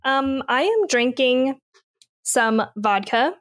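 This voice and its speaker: A woman's voice: high voice, expressive, slow, fairly bright tone. A young adult woman co-hosting a podcast in casual chat, chatty and giggly. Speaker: podcast co-host.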